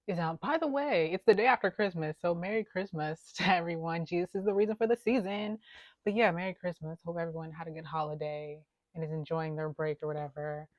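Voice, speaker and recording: A woman's voice: sits low, dry recording, dull audio. A woman hosting a casual reaction video, rambling playfully, laughing often and talking to an unseen friend. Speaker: YouTube reaction host. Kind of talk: casual reaction vlog chat. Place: home room at her computer. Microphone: computer setup with camera.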